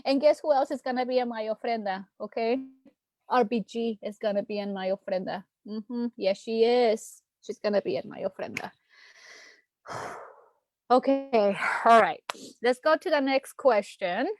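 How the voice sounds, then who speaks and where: A woman's voice: fairly high pitch, normal speed. A woman hosting a casual livestream town hall as a political candidate, talking from home in a chatty, heartfelt way with lots of fillers. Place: at home, streaming live.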